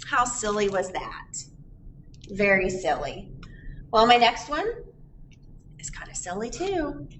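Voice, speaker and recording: A chatty woman reads a picture book aloud and asks children questions. Her high voice swings widely, and she sounds far from the mic. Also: a bit bright. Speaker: library storytime reader. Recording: distant mic, faint background noise.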